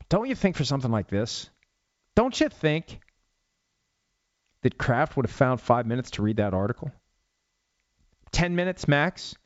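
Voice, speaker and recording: A man's voice: mid-range voice, clear, resonant tone, no room sound, lo-fi sound. A man hosting a solo sports talk show in a studio, arguing with sarcasm and pointed rhetorical questions. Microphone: studio mic with cough button.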